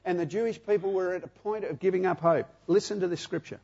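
A man's voice: sits high, a little fast, a little mellow, breathy edge. A man in his sixties with an Australian accent, preaching a sermon emphatically, repeating phrases and asking the congregation questions. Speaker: pastor. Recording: dull lo-fi sound.

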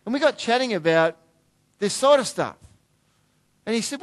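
A middle-aged man preaching a sermon in a conversational way, dropping to quiet asides and rising to emphatic points. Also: extremely high pitch, animated, moderate pace. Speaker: pastor.

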